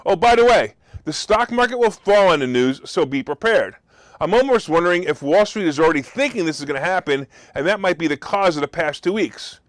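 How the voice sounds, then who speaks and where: A man's voice: sits high, expressive, a little fast, no echo. A man hosting a market talk show, delivering a sarcastic, mocking commentary monologue. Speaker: host.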